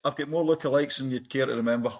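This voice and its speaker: A middle-aged Scottish man, a podcast guest, chatting casually and telling animated stories. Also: medium pitch, fast. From Scotland. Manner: storytelling, animated anecdotes. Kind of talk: casual chat.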